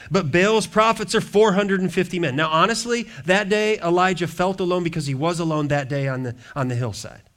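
Animated preaching man, hushed to loud. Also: high-pitched, a little fast, few pauses. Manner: reads scripture then riffs with humor and asides; wide swings from hushed to loud. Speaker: pastor. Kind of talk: sermon.

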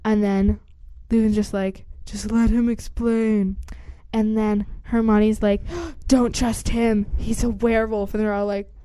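A woman with a mellow, soft-edged voice of middle pitch retells a story in casual chat. She is chatty and uses lots of fillers. She jumps into little acted-out lines along the way. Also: level tone, measured pace, few pauses, clean tone, dry recording. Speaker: storyteller retelling a book plot.

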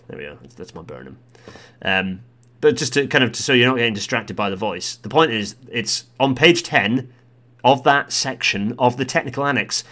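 A man working through a report line by line, blunt, exasperated and willing to swear. His voice is very lively and swings freely in pitch. He breaks into loud, heated rants. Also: normal speed. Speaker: commentator. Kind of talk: commentary on a policy report.

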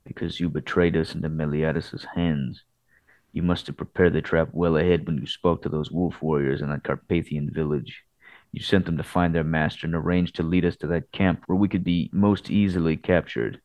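A man's voice: extremely low pitch, steady tone, normal speed, darkish tone, no echo. A man reading a curt, suspicious captive hero. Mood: suspicious, angry. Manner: curt and accusing. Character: suspicious, angry male hero, a captive warrior. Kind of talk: reading a novel's dialogue aloud.

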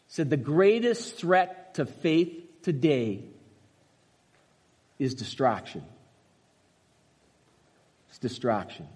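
A man's voice: high-pitched, darkish tone, husky. An older man, a pastor, preaching a conversational sermon full of personal stories and rhetorical questions. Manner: storytelling with asides and rhetorical questions. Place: church sanctuary. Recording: long reverb of a church hall.

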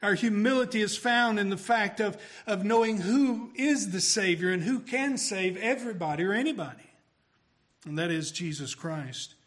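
A man preaching a sermon emphatically, his voice swelling louder on key phrases. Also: high voice, moderate pace.

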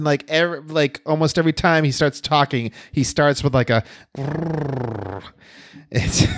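A man's voice: fairly high pitch, no room sound, clean studio sound. A man co-hosting a casual chat, chatty and rambling with many fillers and restarts, laughing often. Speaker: podcast co-host.

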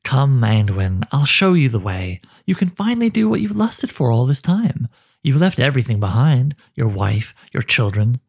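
A man's voice: medium pitch, very animated, normal speed, gravelly, slightly rough, heavily acted. A man voicing the Hooded One, a hissing cave creature. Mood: hissing taunt. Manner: hissing whisper, taunting. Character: sinister hooded cave creature, mocking, tempting.

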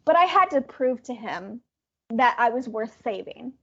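A woman co-hosting a podcast, telling a story in an animated way and laughing now and then. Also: on the high side, measured pace, slightly rough, muffled recording. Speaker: podcast co-host. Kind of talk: casual storytelling chat.

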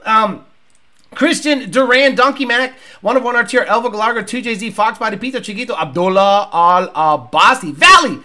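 A man hosting a casual livestream, rambling and profane, rattling off sponsor plugs and viewer names and mocking others with loud impressions. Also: high-pitched, expressive, brisk. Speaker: show host.

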